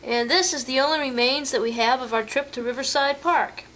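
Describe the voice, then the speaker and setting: A woman with a slightly high voice narrates her family's vacation photos, chatty and full of little fillers and restarts. A faint hiss runs beneath the recording. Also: a little fast, fairly bright tone. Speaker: home video narrator.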